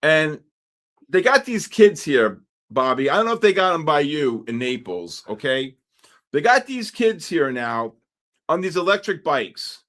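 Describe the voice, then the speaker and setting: A man's voice: fairly high pitch, a little slow. Rambling, wisecracking New man. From New York. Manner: rambling, wisecracking, animated storytelling with asides to chat. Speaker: trading livestream host. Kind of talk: casual chat while trading live.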